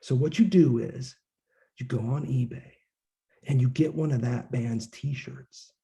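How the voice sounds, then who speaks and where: A man's voice: mid-range voice, gravelly, mellow. A man giving an informal, conversational lecture, acting out quoted voices and swearing now and then. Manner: casual, conversational, acts out quoted voices, occasional profanity.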